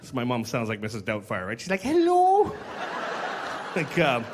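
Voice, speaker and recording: A man's voice: medium pitch, quick pace. Guy doing stand-up, voice jumps all over, club crowd and noise behind. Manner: animated, punchy, self-mocking. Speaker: stand-up comedian. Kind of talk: stand-up comedy set. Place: comedy club stage. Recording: noisy club with crowd laughter.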